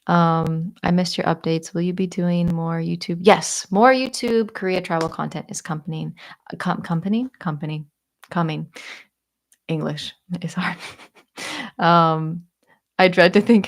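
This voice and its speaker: Giggly American woman with a gravelly voice. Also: on the low side. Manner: giggly, animated and rambling. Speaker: YouTuber. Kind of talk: casual chat answering viewer questions.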